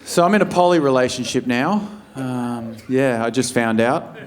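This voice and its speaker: A middle-aged Australian man doing a crude, blunt stand-up comedy set, slipping into high put-on voices when quoting people. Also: moderate pace. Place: large comedy venue before a live crowd. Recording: live stage recording with crowd laughter. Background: audience laughter.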